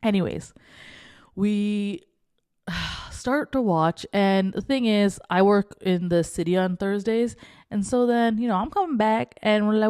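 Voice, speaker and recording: A young woman co-hosting a podcast, telling a story in casual chat and acting out the dialogue with lively energy. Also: medium pitch, unhurried, smooth, no echo, studio quality. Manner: animated, acts out quoted dialogue. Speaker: podcast co-host.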